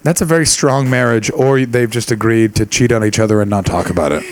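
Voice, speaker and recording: A man's voice: on the low side, fairly quick, poor audio. A man doing stand-up comedy and chatting with audience members at a live venue. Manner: gravelly, shouts impressions of angry people. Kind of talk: stand-up crowd work.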